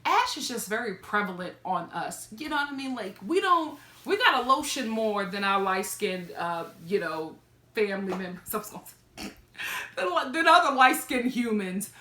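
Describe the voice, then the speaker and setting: A woman's voice: medium pitch, very animated, moderate pace, sharp tone, roomy sound. A woman vlogger giving a chatty, sassy review of a reality TV episode, laughing and throwing in asides. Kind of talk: casual gossipy commentary.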